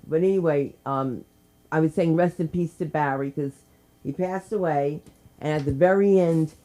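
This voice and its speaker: Middle-aged lady rambling thru a standup bit, lowish voice, gets loud then quiet. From New Jersey. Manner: rambling, tangent-filled storytelling with swings in loudness. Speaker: stand-up comedian. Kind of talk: stand-up set at an open mic. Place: comedy club stage.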